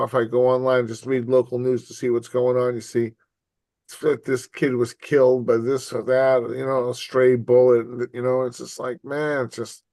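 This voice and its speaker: A man's voice: mid-range voice, no room sound. A middle-aged man, chatting casually and telling stories full of swearing, acting out what others said. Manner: profane, animated storyteller acting out quotes. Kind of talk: casual chat.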